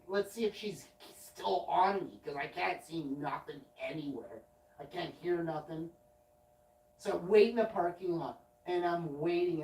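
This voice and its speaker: A man with a slightly high, slightly mellow voice hosts a late-night livestream. He works through a lengthy anecdote loosely, swearing and breaking into his own sentences, heard distantly in a roomy recording.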